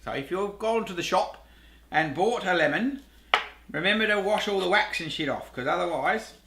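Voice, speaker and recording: A man's voice: high-pitched, animated, moderate pace, gravelly, reverberant, background noise. A middle-aged Australian man hosting a home cooking show, chatting casually to camera, rambling, laughing at himself and swearing lightly.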